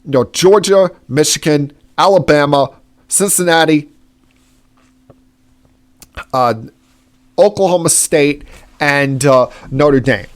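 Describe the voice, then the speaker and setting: A man's voice: on the high side, takes it slowly, long pauses. A man hosting a solo sports-talk podcast, giving opinionated, indignant commentary with frequent filler words. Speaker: podcast host.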